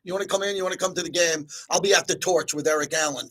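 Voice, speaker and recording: A man's voice: high-pitched, fairly even intonation, quick pace, few pauses, a bit bright, rough recording. A middle-aged man hosting a sports talk radio show, chatty and upbeat, thanking callers and reading sponsor spots.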